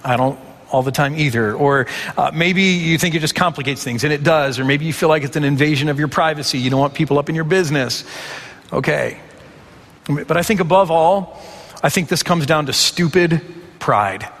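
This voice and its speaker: A man's voice: a little high, moderate pace, a bit bright, long reverb tail. A man preaching a conversational sermon, asking rhetorical questions and acting out imagined reactions. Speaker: pastor.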